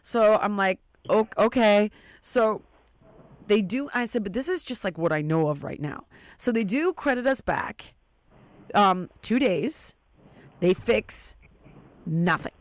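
A woman's voice: medium pitch, lively intonation, slow pace, long pauses, dry recording. A woman in casual chat, telling a long story and acting out the voices of the people in it.

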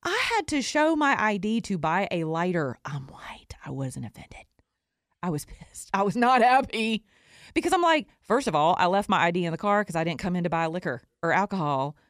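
A woman's voice: medium pitch, expressive, brisk, no echo, clean studio sound. A woman hosting her own talk show, ranting bluntly with sarcastic asides. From living in Atlanta. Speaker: show host; recording artist. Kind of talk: opinion talk show monologue.

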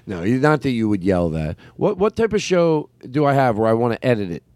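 Rambling comedian with a lively voice. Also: male voice, fairly low pitch, brisk, hardly any pauses. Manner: meandering, self-interrupting, full of fillers and restarts. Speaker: comedian podcast host. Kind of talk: casual rambling chat.

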